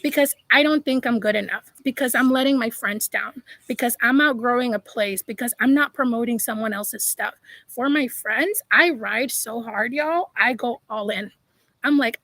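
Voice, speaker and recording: A woman's voice: fairly high pitch, normal speed, fairly bright tone, no room sound, rough recording. Emphatic woman coaching on a live stream. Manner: emphatic, preachy, addresses viewers as y'all. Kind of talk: live-stream motivational talk.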